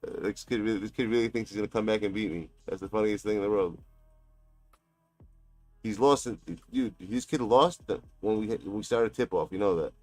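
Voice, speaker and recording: A man's voice: lowish voice, a little fast, a little mellow, no room sound, soft background music. A man streaming a basketball video game, taunting and mocking his opponent with a profane, trash-talking manner. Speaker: gaming streamer. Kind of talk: live gameplay trash talk.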